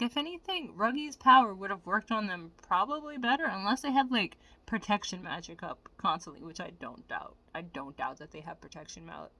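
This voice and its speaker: A woman vlogger giving animated, profane, casual commentary straight to her viewers. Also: medium pitch, dry recording.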